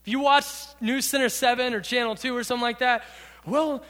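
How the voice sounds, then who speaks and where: A man's voice: very high voice, fairly even intonation, fast, a bit bright. A man preaching to a youth group, earnestly talking through song lyrics line by line. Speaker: youth pastor. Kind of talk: sermon. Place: church hall. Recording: reverberant hall.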